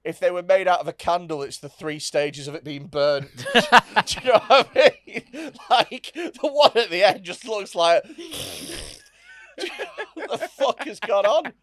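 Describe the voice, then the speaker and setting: Man, co-host, high voice, laughing, swearing, mocking. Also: moderate pace. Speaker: podcast co-host. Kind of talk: casual comedy podcast chat.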